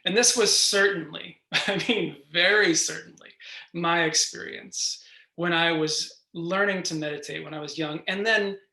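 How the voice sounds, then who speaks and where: Meditation teacher from New York: slow, gentle, reflective delivery with a bright tone, over a roomy video call. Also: medium pitch, gravelly. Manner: gentle, reflective, unhurried, with soft laughs. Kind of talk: guided meditation talk. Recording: roomy echo.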